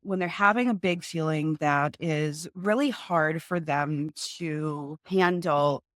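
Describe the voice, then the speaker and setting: Speaking slowly and earnestly, a young mother of two with a low voice is the guest in a casual interview over a video call, even acting out how she talks to her kids. The recording is close and dry.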